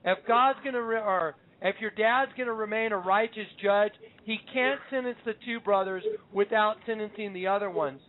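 A man's voice: high voice, normal speed, few pauses. A man hosting a show, teaching scripture as an emphatic storyteller who acts out the quotes. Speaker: show host. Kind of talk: Bible teaching on a call-in show. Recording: phone-line audio.

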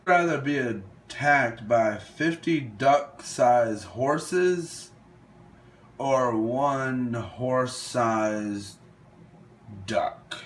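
A man's voice: mid-range voice, drawn-out words, a little hiss or hum. A young man talks unhurriedly through a would-you-rather game, thinking aloud as he goes. He hesitates, trails off and restarts when a choice is hard, keeping a casual, unscripted tone. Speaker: gaming video host. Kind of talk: casual commentary while playing a quiz game.

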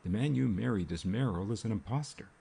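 A man voicing a small, kindly, fussy investigator who asks precise, gentle questions. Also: on the low side, fairly quick, creaky, slight background noise. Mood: questioning.

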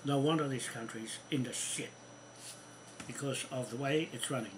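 A man's voice: mid-range voice, normal speed, background noise. A man delivering an angry, swearing rant to camera, repeating himself as he fumes. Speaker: vlogger. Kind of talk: angry ranting monologue.

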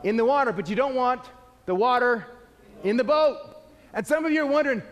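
Man preaching, high voice, lively, echoey church hall. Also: a little fast. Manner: animated, acting out little scenes. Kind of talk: sermon.

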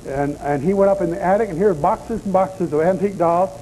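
A man's voice: high voice, quick pace, warm tone, rough recording. A man preaching a deliverance sermon in a folksy, blunt storytelling manner, with faint noise in the background.

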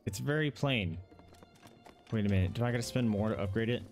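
A man's voice: fairly low pitch, fairly quick, faint music behind. A young man hosting casual let's-play commentary, goofy and self-deprecating. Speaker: gaming channel host.

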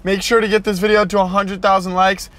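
A man's voice: high-pitched, flat delivery, a little fast, a bit bright. A young man vlogging in a casual, hyped way, swearing casually as he chats. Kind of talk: casual vlog chat.

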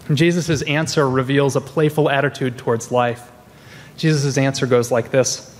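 With a voice on the high side and a measured pace, a minister in his forties preaches in a church sanctuary. He tells his stories conversationally, often restarting, while the large hall adds long reverb.

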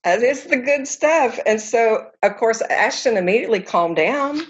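A woman's voice: on the high side, moderate pace, dull audio. Earnest woman counselor explaining. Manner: animated storytelling, earnest. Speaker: counselor guest. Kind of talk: conversational explanation.

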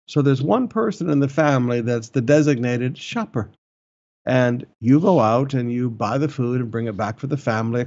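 A man's voice: medium pitch, darkish tone, dull audio. An older man preaching as a pastor, earnest and repeating his key points for emphasis. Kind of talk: sermon and church announcements. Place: church in the Philippines.

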